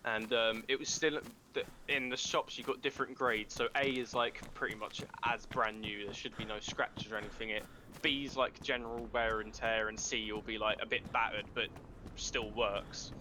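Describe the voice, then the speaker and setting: A man's voice: fairly low pitch, steady tone, moderate pace, noisy background. Rambling young man telling stories. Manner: rambling storyteller, loose and swearing. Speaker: fellow player. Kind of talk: casual chat while gaming.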